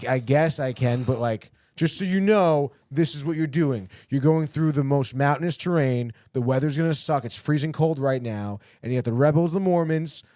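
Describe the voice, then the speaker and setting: A man's voice: medium pitch, dry recording, clean studio sound. Swearing man recapping a show. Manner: animated storytelling, voices the characters' quips in passing, swears often. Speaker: podcast host. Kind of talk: casual recap of a TV episode.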